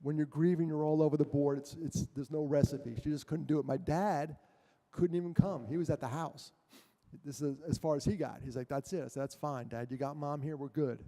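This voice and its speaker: Animated man telling stories in a reverberant hall. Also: fairly high pitch, a little fast. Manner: animated, self-mocking storyteller with jokes. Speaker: guest speaker. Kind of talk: storytelling talk to a church audience. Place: church hall.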